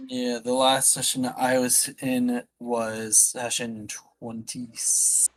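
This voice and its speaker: A man with a mid-pitched voice plays in a tabletop game. He chats casually and answers in short, easy-going replies. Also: completely flat delivery, takes it slowly, low-quality recording. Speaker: player. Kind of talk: casual chat.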